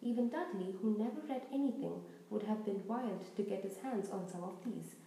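A woman reading a storybook aloud with even, measured narration. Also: mid-range voice, gravelly, roomy sound, rough recording. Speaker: audiobook reader.

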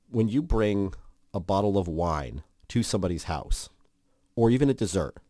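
Casting: low-voiced male co-host, lively delivery, dry studio sound. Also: dry recording. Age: adult. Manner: animated, acts out quotes with big pitch jumps. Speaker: podcast co-host. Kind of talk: casual chat.

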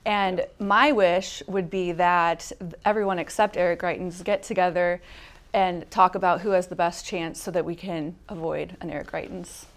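A woman's voice: on the low side, fairly even intonation, normal speed. A woman who is a Republican strategist, giving firm opinions on a political panel. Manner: decisive, agreeable.

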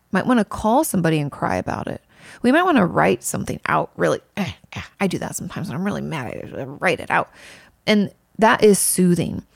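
A woman in her thirties talks through viewer questions in an earnest, conversational way, leaning on fillers and emphasis. Her voice sits low with a gravelly fry. The sound is dry and close. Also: no room sound. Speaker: mental health creator answering viewer questions. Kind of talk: casual Q&A monologue.

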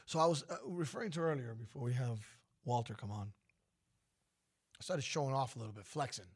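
A man's voice: mid-range voice, a little fast, husky. A man hosting a radio show, chatting in a playful, teasing way. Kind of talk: casual radio banter.

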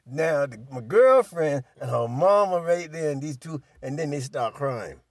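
A man's voice: a little high, unhurried, no room sound, studio quality. Older man telling a rowdy tale. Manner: animated, profane, laughs through story. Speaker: storyteller. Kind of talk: casual storytelling.

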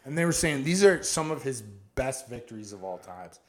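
A man tells a story on a casual podcast with a lively, swooping pitch. He acts out what people said and swears freely. His voice stays in a middle register. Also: normal speed. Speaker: podcast co-host.

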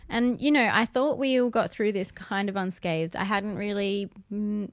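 A woman's voice: medium pitch, moderate pace, dry recording. A woman co-hosting a casual podcast. She speaks in a chatty, thoughtful way, and her voice sits mid-range. The sound is dry and close, with no room in it. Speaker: podcast co-host. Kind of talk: casual chat.

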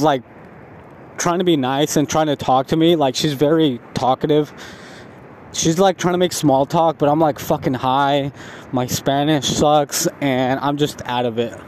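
A man's voice: on the high side, a little mellow, a little hiss or hum. A young man telling a rambling, profane story about himself in a casual vlog, laughing at himself.

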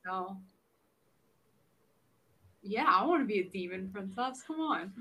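A woman's voice: mid-range voice, expressive, unhurried, bright, forceful tone, slightly rough. A woman playing a text adventure with friends, playful, giggly and dramatic.

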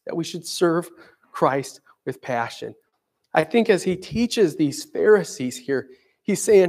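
A man preaching a sermon in a conversational way, dramatically acting out quoted voices. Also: a little high. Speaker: pastor.

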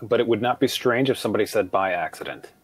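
An American man talks casually and thoughtfully, stopping on fillers as he weighs his answers. His voice sits on the low side. Faint music plays beneath him. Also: quick pace, husky, no room sound. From United States. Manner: relaxed, thoughtful, many fillers and restarts. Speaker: guest teacher. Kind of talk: casual conversational chat.

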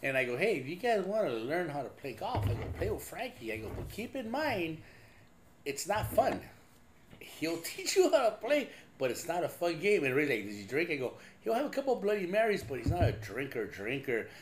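A man hosts a podcast in loose, casual chat, telling profane stories and laughing often. His voice sits a little high for a man. A faint hiss of background noise runs behind him. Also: sing-song, brisk. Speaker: podcast host.

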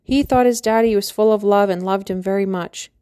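A woman reading an audiobook, voicing a gentle father who tenderly reassures his daughter. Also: medium pitch, brisk, smooth, dry recording, studio quality, lightly acted. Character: gentle loving middle-aged father.

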